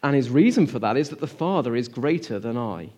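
A man with a medium-pitched, expressive voice preaches a sermon at a brisk pace, earnest and full of rhetorical questions. He shifts between emphatic lines and hushed, nearly whispered ones.

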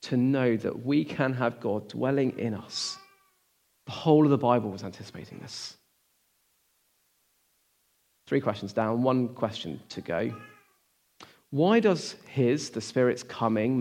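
Man, preacher, sermon, earnest, rhetorical questions, emphatic then hushed. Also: mid-range voice, lively intonation, a little slow. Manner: swings from emphatic to hushed, near-whispered lines.

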